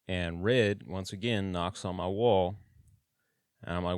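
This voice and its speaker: Deep-voiced guy telling a story straight up, blunt, swears a lot, dry mic. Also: fairly even intonation, moderate pace, clear, resonant tone, no room sound. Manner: blunt, plain-spoken, with swearing and slang. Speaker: channel host telling his own story. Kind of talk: casual storytelling.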